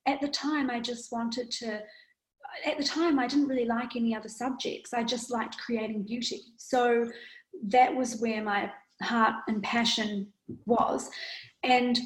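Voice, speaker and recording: Animated woman designer in an echoey room. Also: fairly high pitch. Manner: animated storytelling, quick bursts. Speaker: fashion designer guest. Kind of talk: casual interview.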